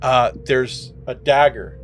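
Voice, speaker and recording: A man's voice: medium pitch, slow pace, loud music behind the voice. Man narrating as game master. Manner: relaxed, with frequent fillers.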